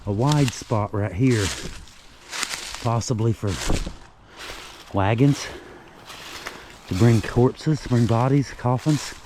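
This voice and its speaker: Slow, folksy man outdoors. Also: mid-range voice, noisy background. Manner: rambling, folksy, with restarts. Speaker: vlogger exploring local history sites. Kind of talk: walking vlog narration. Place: outdoors, on a rural hillside.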